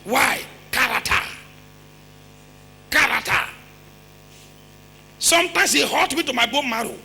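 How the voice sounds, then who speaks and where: A Nigerian-accented man preaches a sermon in a very high, sharply bright voice, hammering points home by repeating phrases and firing rhetorical questions, now and then rising to a shout. His voice rings out with a long reverb tail in a church hall, with soft music faintly underneath. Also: animated, a little slow, vocal fry. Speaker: pastor.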